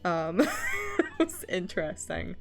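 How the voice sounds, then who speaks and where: A woman's voice: lowish voice, huge pitch swings, slow pace, gravelly, fairly bright tone, slightly rough, faint music behind. A young woman from Scotland who streams, chatting casually while she draws and laughing often between sentences.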